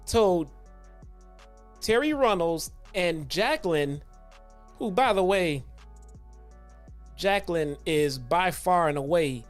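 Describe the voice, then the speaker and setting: A man hosting a casual retro wrestling review, telling stories in a loose, profane, animated way. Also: on the high side. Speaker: host.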